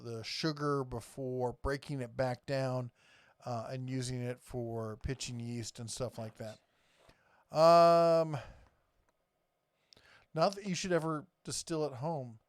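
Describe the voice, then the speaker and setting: A man with a fairly high voice, in his thirties, hosts a casual live chat and rambles along with a joking, teasing air. He is recorded close and dry, with no room sound around him. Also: clear, resonant tone, dry recording. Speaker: live stream host.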